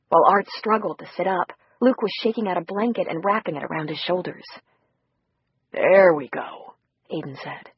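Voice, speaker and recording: An audiobook narrator reading a novel in a steady storytelling manner. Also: medium pitch, breathy edge, no echo. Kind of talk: scripted narration. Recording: dry, muffled recording.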